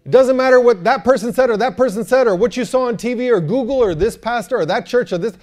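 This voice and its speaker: Lively male pastor, higher voice, joking preaching style. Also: quick pace. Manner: animated, joking, calls for amens. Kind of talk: sermon.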